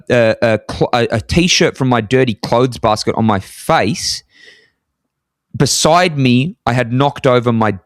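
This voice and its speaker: A man spinning a story to his co-host in casual podcast talk. He gets animated and leaps into a high voice to stress a point. The sound is dry and close. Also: no echo. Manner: animated, jumps high in pitch for emphasis. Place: apartment in Scotland.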